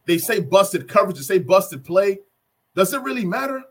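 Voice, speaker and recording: A man with a fairly high, husky voice recaps a football game as a fired-up fan. He talks it through play by play and repeats the big moments for emphasis. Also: brisk. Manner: animated, repeats key plays for emphasis. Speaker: sports fan vlogger.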